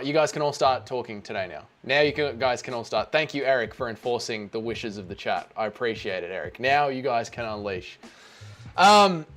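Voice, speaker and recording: An Australian man chatting casually on a live stream, rambling and greeting viewers by name. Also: mid-range voice.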